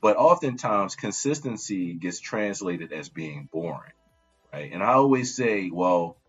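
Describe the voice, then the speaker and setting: A man's voice: low voice, lively intonation, a little slow, husky, dull audio, faint music behind. A man giving casual relationship advice, talking conversationally and often checking in with "right?".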